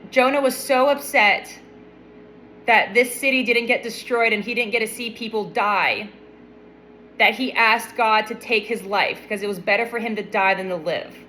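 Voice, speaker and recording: A woman's voice: on the high side, moderate pace, pushed and bright, a little hiss or hum, poor audio. A young adult woman casually retelling a Bible story, mixing the reading with wry, playful asides.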